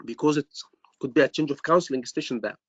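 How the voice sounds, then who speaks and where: A man tutoring students for an exam, acting out doctor and patient lines in an animated way and repeating his questions. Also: medium pitch, fast, no room sound. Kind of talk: online teaching discussion. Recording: dull lo-fi recording.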